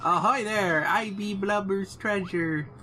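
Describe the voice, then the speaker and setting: A man's voice: high voice, slow pace, sharp tone, soft background music, pitched above the performer's own voice, full character voice. A man playing a greedy pirate hippo captain. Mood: gruff. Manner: growly mock-pirate talk.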